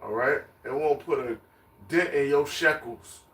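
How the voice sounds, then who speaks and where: A man's voice: medium pitch, a little slow, a bit bright. A man preaching on the street, emphatic and repetitive, chanting lists of words. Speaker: street teacher. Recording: echoey, distant mic, faint ambience.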